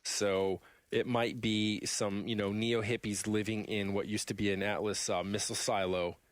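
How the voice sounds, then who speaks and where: A man co-hosting a podcast in casual chat, telling stories in a rambling, animated way with many restarts. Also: fairly low pitch, moderate pace, no echo. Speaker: podcast co-host.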